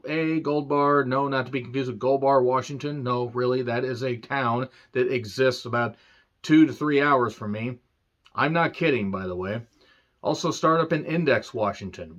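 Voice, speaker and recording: A man's voice: medium pitch, fairly bright tone, muffled recording. A man giving a casual, rambling film review rant with sarcastic asides and profanity. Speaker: movie reviewer.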